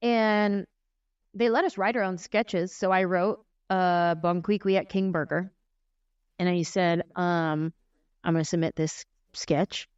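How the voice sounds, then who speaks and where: A guest comedian in her 40s tells casual stories in a podcast interview, lively and demonstrative, briefly slipping into voices to make her point. Her fairly low voice is clear and resonant and her pace unhurried, in a dry, slightly muffled lo-fi recording with no echo.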